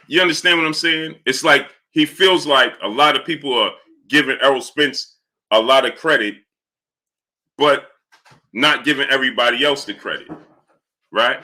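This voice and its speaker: A man's voice: mid-range voice, normal speed, pauses often, pushed and bright. A man hosting a casual live stream, talking through his point while he greets viewers by name from the chat.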